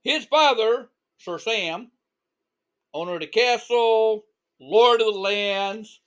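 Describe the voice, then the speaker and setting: A man's voice: high-pitched, slow, fairly bright tone. A man telling a story in a casual, folksy, rambling way, with mild swearing and spoken sound effects.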